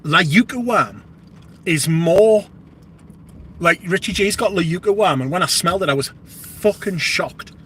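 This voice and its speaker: British guy rambling on a livestream, swears a lot, bright sharp voice, bit of hiss behind. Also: high-pitched, lively intonation, measured pace. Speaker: livestream host. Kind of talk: casual live chat.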